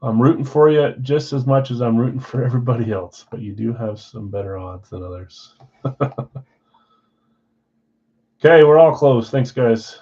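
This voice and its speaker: A man's voice: mid-range voice, fairly even intonation, moderate pace, husky, lo-fi sound. Chatty man hosting a live card-break stream. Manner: chatty, jumps between loud and quiet asides. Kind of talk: casual live-stream chat.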